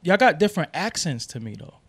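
A man from New York with a New York accent, hosting a podcast, blunt and curious, dropping quick yeahs. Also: a little high, big pitch swings, fairly bright tone, husky, dry recording, clean studio sound. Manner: quick back-channel "yeah"s, blunt, curious. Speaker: podcast host. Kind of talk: casual interview.

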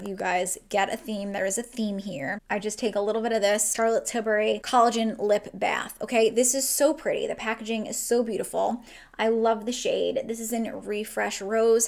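A woman's voice: mid-range voice, vocal fry. A young woman from New Jersey chatting casually through a makeup tutorial at home, gushing and swearing casually. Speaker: beauty vlogger. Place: at home, indoors.

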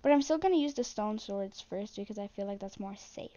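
A young woman commenting on her own gameplay in a flat, self-deprecating way, muttering to herself as she plays. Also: mid-range voice, brisk, lo-fi sound. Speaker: gaming channel host.

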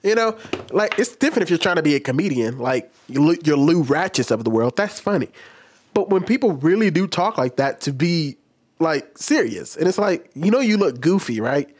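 A man's voice: on the high side, sing-song, normal speed, slightly rough. A man who works as a teacher, giving a casual, blunt commentary and sounding fed up. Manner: blunt, exasperated, mocks others with exaggerated voices.

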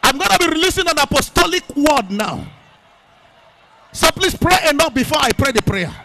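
A man preaching a sermon, swinging from low spoken phrases to shouted, chanted lines and prayer in tongues. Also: lively intonation, normal speed, background noise. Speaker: pastor. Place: church meeting at a camp.

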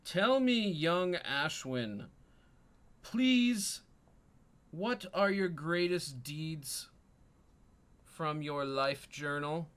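Jovial mouse king with a booming laugh, smooth bright voice, measured and regal, put on by a man. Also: expressive, heavily acted.

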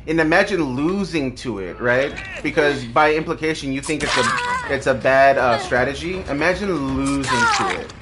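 A man's voice: mid-range voice, expressive, moderate pace, very noisy. A young man streaming gameplay live, trash-talking and mocking with profane taunts and bursts of laughter over game music.

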